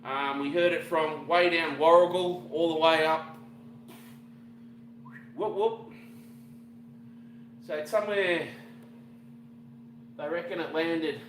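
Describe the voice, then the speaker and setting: A man's voice: fairly high pitch, a bit bright, echoey room, a little hiss or hum. A middle-aged Australian man chatting casually on a livestream while cooking, rambling and greeting viewers with slang. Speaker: fishing vlogger cooking on a livestream.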